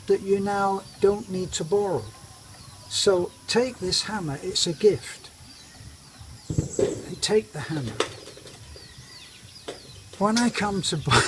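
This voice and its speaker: Slow wry British man outdoors. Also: on the high side. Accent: British English. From Britain. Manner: slow, wry, self-mocking storyteller. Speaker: expat vlogger. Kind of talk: casual storytelling monologue. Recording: noisy outdoor recording.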